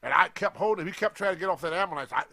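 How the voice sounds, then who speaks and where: Older man, high voice, animated storyteller who acts out the voices in his tale. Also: very fast, vocal fry. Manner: animated anecdote, acting out quoted lines. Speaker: guest storyteller on a wrestling show. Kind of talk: casual storytelling.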